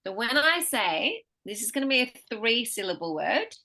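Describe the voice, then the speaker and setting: A woman with a bright, forward voice runs a one-on-one pronunciation lesson. She stretches out example words slowly and clearly so her student can copy them, then goes back to explaining at an easy, patient pace. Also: on the high side, big pitch swings. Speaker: pronunciation teacher.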